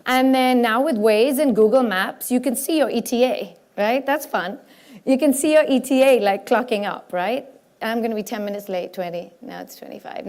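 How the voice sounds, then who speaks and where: A woman giving a lively, self-mocking talk from a stage to a live audience at a spiritual conference. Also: fairly high pitch. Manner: animated, self-mocking, breaks into quick voices for examples. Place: stage before a large audience.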